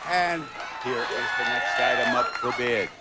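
A man's voice: medium pitch, a loud crowd. An older man hosting a TV game show in a studio, playful and teasing with contestants. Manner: playful, teasing, drawn-out delivery. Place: TV studio with live audience. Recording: loud studio audience and music.

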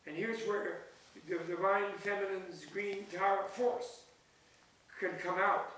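An older man, a Buddhist teacher leading a retreat session, gives an informal, wandering talk in the retreat hall, chatting and laughing at his own jokes. His voice sits high with a fairly bright tone. The echoey hall is recorded from a distance, with faint hiss.

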